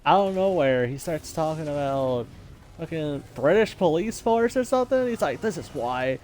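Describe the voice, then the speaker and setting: A man's voice: fairly high pitch, animated, moderate pace, a little mellow, a little hiss or hum. A man telling a casual story-time monologue about his online gaming groups, rambling and laid-back with lots of fillers and laughs. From United States.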